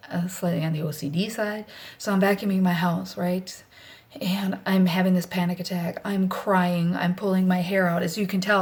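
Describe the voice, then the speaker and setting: Blunt, rambling middle-aged woman, often whispering. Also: on the low side. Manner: rambling and blunt, swears freely, often drops to a soft whisper. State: anxious. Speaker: vlogger. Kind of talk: candid personal vlog monologue.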